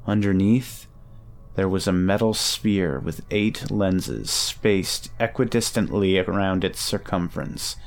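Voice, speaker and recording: A man narrating a first-person audio drama in a measured storytelling way. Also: deep voice, gravelly. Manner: measured storytelling, nervous stammer in own lines.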